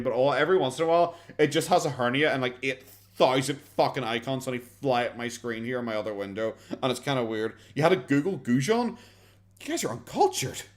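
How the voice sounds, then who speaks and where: Sweary, rambling Irish man streaming. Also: mid-range voice. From Ireland. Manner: sarcastic, swears freely, rambling with many fillers. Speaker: streamer reacting to videos. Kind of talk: casual live-stream commentary.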